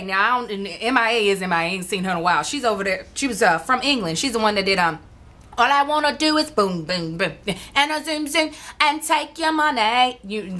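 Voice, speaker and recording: Female vlog host, sassy and animated, bright forceful tone, slightly high. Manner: sassy, animated, talks straight to viewers. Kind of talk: casual opinion vlog.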